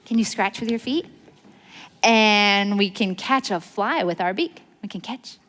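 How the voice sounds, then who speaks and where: In a reverberant library hall, a young woman with an unhurried, medium-pitched, slightly bright voice reads a picture book to children. She coaxes them in a sing-song way to add sounds and movements, guiding them through call-and-response.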